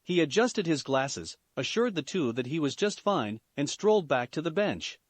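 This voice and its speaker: A man reads fan fiction aloud with expressive delivery. His voice is slightly high and rises and falls a lot. The recording is dry and close. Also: normal speed, dry recording. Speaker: story reader.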